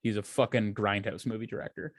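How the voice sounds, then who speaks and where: A man co-hosting a podcast, ranting about movies in a profane, animated way and acting out quotes. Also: on the low side, a little fast, dry recording, studio quality. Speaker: podcast co-host. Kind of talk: casual podcast rant.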